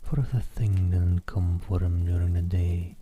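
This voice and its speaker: A man reading a novel aloud as an ASMR streamer, in soft whispered narration close to the mic. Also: deep voice, fairly even intonation, moderate pace, narrow, tinny audio.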